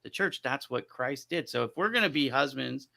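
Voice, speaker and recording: A man leads a relaxed panel talk with a very bright, ringing voice. He jokes easily and acts out little quoted exchanges as he goes. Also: medium pitch, normal speed, gravelly. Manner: joking, animated storytelling with quoted voices. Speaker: panel host. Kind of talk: casual panel discussion.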